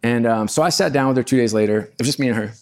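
A man's voice: mid-range voice, very fast, darkish tone. Chatty self-deprecating middle-aged man. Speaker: keynote speaker. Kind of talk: storytelling talk to a live audience. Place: room with a live audience.

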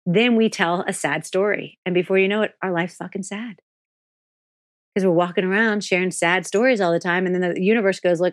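A woman's voice: fairly low pitch, brisk, no echo, clean studio sound. A woman in her forties, a guest in a candid podcast interview, talking frankly and with animation and swearing freely.

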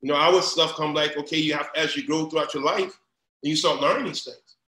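Middle-aged man, fairly high voice, animated and repetitive, roomy echo. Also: a little fast. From Louisiana. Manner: animated, repeats himself, rising into loud storytelling. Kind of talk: casual conversation.

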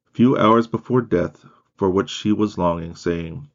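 Deep, gravelly male audiobook reader. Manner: measured, steady reading with occasional slips. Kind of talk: reading a biography aloud. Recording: dull lo-fi recording.

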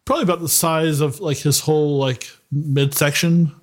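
A man's voice: a little high, fairly even intonation, normal speed. Hesitant man playing a tabletop game. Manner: stammering, hesitant, many fillers. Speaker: player. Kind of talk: casual tabletop game play.

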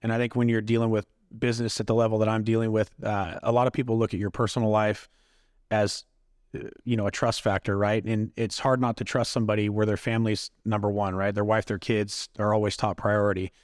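A man in his thirties or forties, a podcast guest answering in a relaxed way with many filler uhs. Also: lowish voice, fairly quick, dry recording, studio quality. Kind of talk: casual interview answers.

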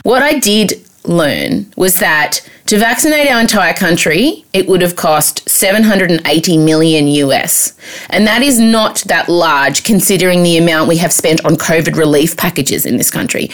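An Australian woman co-hosting a podcast, chatting casually and telling stories in an animated, sweary way. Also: lowish voice, moderate pace. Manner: animated, sweary storytelling with mock voices. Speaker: podcast co-host. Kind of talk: casual chat.

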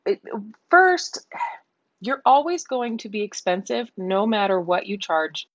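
A woman's voice: mid-range voice, big pitch swings, measured pace, fairly bright tone, no room sound, lo-fi sound. A woman guest on a podcast, sharing practical business advice in a matter-of-fact way. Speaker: guest photographer. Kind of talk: casual advice chat.

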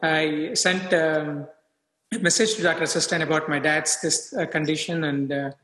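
Man in his 30s, physician guest, high bright voice, halting with fillers, roomy long reverb. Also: fairly even intonation. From India. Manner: halting, many fillers and restarts. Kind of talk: casual interview talk. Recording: echoey room with long reverb.

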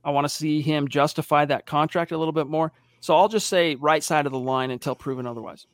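Male podcast host, slightly high voice, lively storyteller, dry close sound. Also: fairly quick, no echo. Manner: animated storyteller, acts out quotes. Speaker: podcast host reading viewer questions. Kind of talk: casual sports podcast talk.

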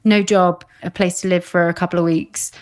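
A woman from the UK with a slightly low voice, chatting as a podcast guest. She tells her stories with animation and slips into the voices of the people she quotes. Her talk is casual and flowing. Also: level tone, normal speed. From United Kingdom. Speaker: psychic medium guest.

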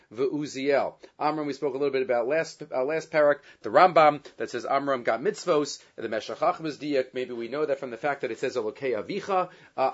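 A man teaching a Torah lesson, reading Hebrew and Aramaic texts and translating them, with many fillers and lively stretches when he retells a story. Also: medium pitch. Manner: grows loud and animated when retelling the story. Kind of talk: Torah class lecture. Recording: dull lo-fi sound.

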